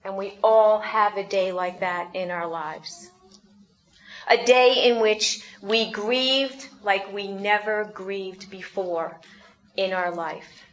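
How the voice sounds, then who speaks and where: Woman pastor, sermon, slow unhurried delivery, gentle reflective tone, slightly dull lo-fi sound. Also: mid-range voice, fairly even intonation, slight background noise. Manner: gentle, reflective, asks the congregation questions.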